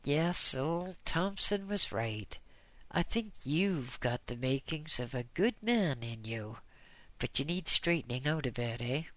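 A man voicing a gruff, blunt older male hospital doctor who grunts and bawls. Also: medium pitch, expressive, measured pace, a bit bright, no room sound. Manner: grunting, bawling, brusque.

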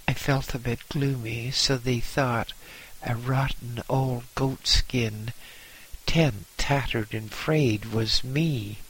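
A man's voice: medium pitch, fairly even intonation, slow pace, a bit bright, breathy edge, poor audio. A man narrating a first-person story dramatically, at times dropping into a whisper. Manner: dramatic, with some whispered passages. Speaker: audiobook narrator.

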